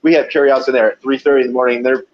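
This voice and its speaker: A man's voice: mid-range voice, little pitch movement, rapid-fire. A man telling wild delivery-job stories in a loose, profane, rambling way, laughing often and acting out what people said. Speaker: podcast guest, pizza delivery driver. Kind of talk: casual storytelling. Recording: dull lo-fi audio.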